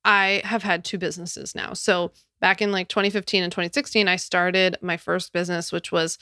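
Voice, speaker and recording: A woman hosting a casual solo podcast, chatty and quick to laugh, with sarcastic asides. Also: lowish voice, little pitch movement, bright, forceful tone, smooth, no room sound, clean studio sound. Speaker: podcast host.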